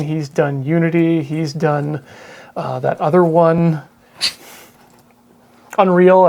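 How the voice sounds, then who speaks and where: A man playing a storytelling card game on a stream, spinning a loose, rambling pitch with deadpan setups. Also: gravelly. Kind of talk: casual improvised storytelling.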